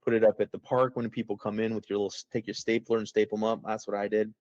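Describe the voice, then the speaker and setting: An app founder rambles through a casual screen-share walkthrough of his app over a video call, folksy and interrupting himself. His voice is low-ish, level, quick and darkish, recorded with no room sound and the highs cut off.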